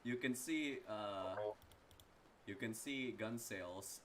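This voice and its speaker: A man's voice: on the low side, slow pace, a little hiss or hum. A man narrating a tabletop game as game master, in a loose, rambling, profane way.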